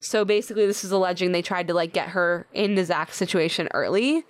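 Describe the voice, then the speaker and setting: A woman's voice: on the low side, a little fast, dry recording. A young woman co-hosting a casual podcast, chatting and peppering her talk with "like". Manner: chatty, heavy use of "like", reads out an article. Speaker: podcast co-host. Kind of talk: casual chat recapping a reality show.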